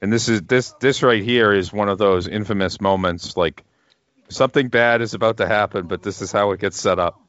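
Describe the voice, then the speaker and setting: A man's voice: lowish voice, a little fast, fairly bright tone, dry recording, dull audio. A man co-hosting a casual movie commentary podcast, chatty and laughing often. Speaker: podcast co-host.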